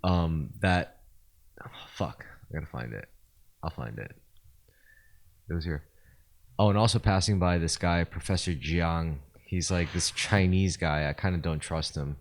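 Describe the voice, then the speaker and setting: A man's voice: deep voice, measured pace, long pauses. A man co-hosting a podcast in casual chat, rambling with many fillers and restarts. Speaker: podcast co-host.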